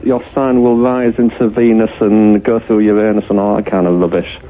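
A man's voice: on the low side, flat delivery, moderate pace. A man from Hull with a Yorkshire accent, calling a radio show to rant bluntly about his opinions. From Hull, England. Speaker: caller. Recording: tinny phone line.

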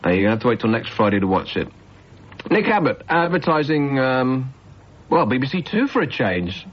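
A man hosting a late-night radio phone-in with sarcastic, quick-witted banter. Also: medium pitch, big pitch swings, husky. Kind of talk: casual chat. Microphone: studio microphone. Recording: dull, muffled radio broadcast.

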